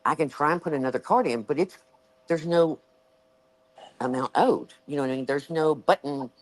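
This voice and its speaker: A woman with a Southern US accent, hosting a show and telling a story in casual chat, animated and acting out the voices she quotes. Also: low voice, a little fast, no echo, low-quality recording. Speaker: show host.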